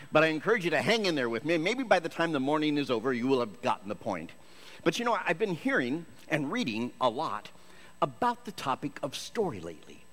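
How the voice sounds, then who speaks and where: Man, Michigan, church talk, storytelling sermon, self-deprecating humor, animated pitch. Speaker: Christian actor giving a church talk.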